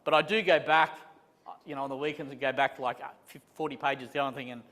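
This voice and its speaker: A man's voice: mid-range voice, a little fast. A man giving a casual, joking training talk to a live audience, with many restarts. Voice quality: chatty, animated, self-deprecating jokes, many restarts. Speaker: property management trainer. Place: conference room with a live audience. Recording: long reverb in a large hall.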